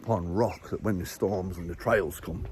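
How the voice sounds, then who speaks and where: Climbing stairs outdoors while vlogging, a man with a deep, darkish voice speaks at normal speed and sounds a little short of breath. He rambles casually about faith, chuckling often, with slight noise in the background.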